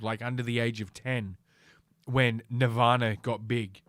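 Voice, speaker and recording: A man's voice: mid-range voice, little pitch movement, a little slow, fairly bright tone, no room sound. Brief: middle-aged male podcaster, swearing, sardonic rambling rant, dead-dry recording. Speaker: podcast host. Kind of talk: casual solo podcast rant.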